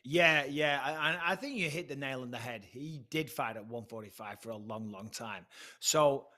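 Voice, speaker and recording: Animated pundit with a bright voice. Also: male voice, medium pitch, normal speed. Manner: animated, playful, acts out other people. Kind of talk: casual studio analysis.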